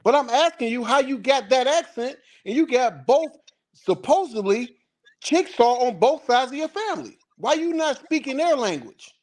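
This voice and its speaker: High-voiced man pressing hard with questions. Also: animated, moderate pace, darkish tone. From northern United States. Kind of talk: heated online debate.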